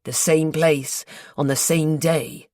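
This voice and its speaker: A woman voicing an earnest, guarded local man with a North Devon accent, in a slow, confiding, colloquial way, for an audiobook. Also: deep voice, steady tone, a little mellow, dry recording, clean studio sound. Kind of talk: audiobook character voice.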